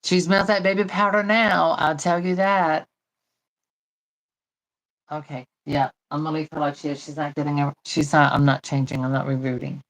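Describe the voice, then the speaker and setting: A woman's voice: low-pitched, fairly even intonation, moderate pace, poor audio. A woman hosting a doll channel, chatting casually while she demonstrates.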